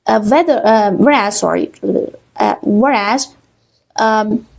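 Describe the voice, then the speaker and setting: A woman English teacher with a Persian accent, explaining exam reading answers slowly, with many fillers and a checking "okay?". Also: medium pitch, creaky, darkish tone. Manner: slow, many fillers, repeats words with "okay?". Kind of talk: online exam-prep lesson.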